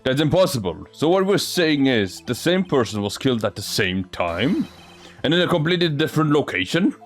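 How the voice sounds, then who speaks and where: A man with a mid-range, sing-song voice reads a courtroom game aloud at a brisk clip, sounding natural as he voices every character himself. He stumbles over words now and then. Faint music plays in the background.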